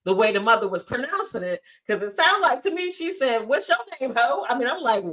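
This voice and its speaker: A woman panelist giving her opinion in a measured, storytelling way. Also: on the high side, very animated, fairly bright tone. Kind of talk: casual panel talk.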